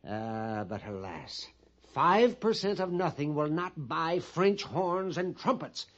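An actor in a 1950s radio drama plays a nervous, fussy, pompous storekeeper at an army post, speaking theatrically and often whispering. His slightly high voice swings widely in pitch at a slow pace, heard through a dull old broadcast recording.

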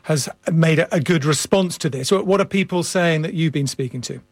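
Man, news presenter, slightly high pitch, measured, dry studio sound. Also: no echo. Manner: measured, clear questions.

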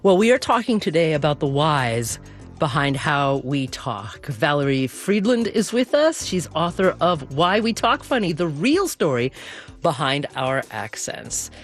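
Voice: mid-range voice, sing-song, a little slow, faint music behind. A radio host from the US West Coast, asking questions and steering the interview in a conversational way. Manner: conversational, leads with questions and segues.

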